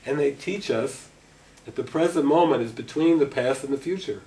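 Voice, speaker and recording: Here a middle-aged spiritual teacher addresses a gathering in a meeting room, bringing his stories to life by acting out the conversations. His mid-range voice moves at a moderate pace, captured by a far-off microphone with a little noise.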